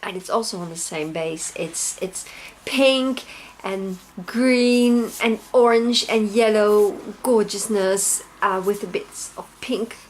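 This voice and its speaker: A woman in her thirties with a Dutch accent, hosting a casual knitting video podcast from home, gushing and gasping with excitement over yarn. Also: medium pitch, slow, slight background noise.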